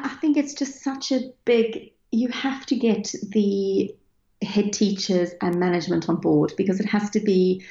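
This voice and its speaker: A woman's voice: medium pitch, mellow. Woman guest, earnest explainer, playful asides; echoey, dull lo-fi recording. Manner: explains earnestly, acts out playful parent voices. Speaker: parenting expert guest. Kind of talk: conversational interview answers. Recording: roomy, dull lo-fi sound.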